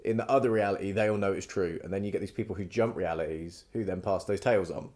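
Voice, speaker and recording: A man with a fairly low voice hosts a casual podcast. He rambles through a long story, swears freely and slips into quoted lines as he goes. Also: fast talker, darkish tone. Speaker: podcast host. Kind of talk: casual chat.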